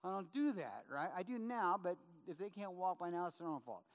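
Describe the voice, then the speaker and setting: A middle-aged male pastor gives a sermon in a high, light voice. He talks to the congregation casually, mixing humorous stories with scripture. His voice rings out with a long reverb, as if filling a large hall. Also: very animated, brisk. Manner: conversational, tag questions, humorous anecdotes.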